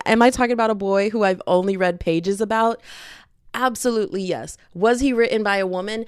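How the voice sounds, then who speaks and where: A young woman hosting a podcast in casual chat, gushing and animated, with lots of "like". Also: medium pitch, brisk, clean tone, no echo, clean studio sound. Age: young adult. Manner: gushing, animated, heavy filler "like". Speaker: podcast host. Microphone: headphones on, podcast mic.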